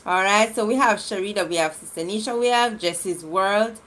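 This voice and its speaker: A woman hosting a livestream game, reading out viewer comments in an affectionate, lively way and laughing often. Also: mid-range voice. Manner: lively and affectionate, laughs often, shifts quickly between loud and soft.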